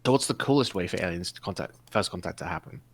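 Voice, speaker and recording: Low-voiced joking male podcast host. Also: fast, gravelly, breathy edge. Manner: joking, animated storyteller. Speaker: podcast co-host asking the questions. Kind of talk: casual chat.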